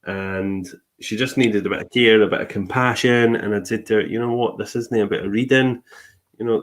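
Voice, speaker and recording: A man, a host and medium, telling a story in casual chat and acting out the people he quotes. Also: fairly low pitch. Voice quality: laughs easily, acts out quoted people.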